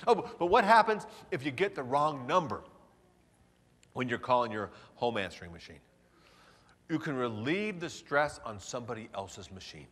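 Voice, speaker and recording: A man's voice: mid-range voice, fairly bright tone. A man giving a motivational seminar talk in a large hotel hall, playful and theatrical. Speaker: seminar speaker. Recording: reverberant hall.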